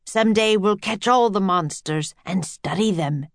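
A woman's voice: medium pitch, unhurried, gravelly, no echo. A woman reading aloud, voicing an earnest, lecturing older male professor. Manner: grand, lecturing, addresses children as "my dear".

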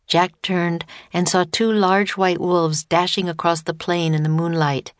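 A woman narrating a children's story audiobook in a clear, steady way. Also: fairly low pitch, a little slow, few pauses, no echo.

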